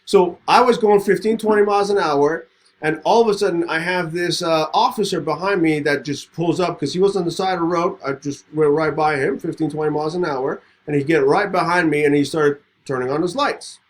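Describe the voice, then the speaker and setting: A podcast host talks in a fairly high voice. He tells a story in casual conversation and acts out each side of the exchange with a lot of energy. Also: brisk. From Middle East. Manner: animated, acts out both sides of a story.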